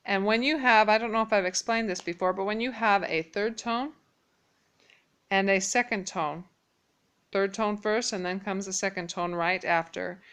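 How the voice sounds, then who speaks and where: A woman teaching a casual Mandarin lesson, patiently repeating phrases slowly and clearly. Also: medium pitch, a bit bright. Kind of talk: casual spoken language lesson.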